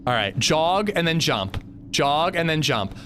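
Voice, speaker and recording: A man's voice: on the high side, sing-song, measured pace, a bit bright, soft background music. A man streaming a game live, nervously talking himself through a tense climb. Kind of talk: live gameplay commentary.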